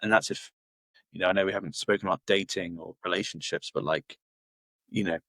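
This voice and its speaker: A man's voice: low-pitched, brisk, a bit bright, no echo. A man from Cornwall, chatting loosely as a podcast guest, full of fillers and restarts. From Cornwall, England. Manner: rambling, many fillers and restarts. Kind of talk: casual interview chat.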